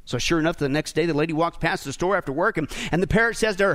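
A man's voice: a little high, very fast, few pauses. A man preaching a sermon, speaking directly to the congregation and often checking in with "right?" and "okay?". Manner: animated, talks to the congregation directly; frequent tag questions like "right?" and "okay?". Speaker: pastor. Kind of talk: sermon with a joke.

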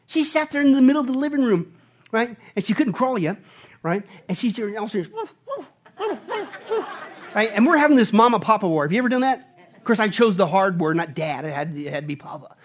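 A middle-aged man preaching a sermon, conversational and animated, often tagging his points with "right?" and acting out family stories with playful voices. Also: sits high, fast. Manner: acts out family scenes with playful put-on voices. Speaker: pastor.

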